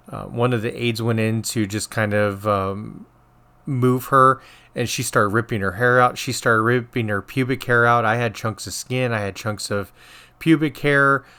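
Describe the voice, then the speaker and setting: A middle-aged man, a podcast co-host and former nurse, telling a work story in casual chat, rambling with restarts and animated quoting. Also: lowish voice, clear, resonant tone.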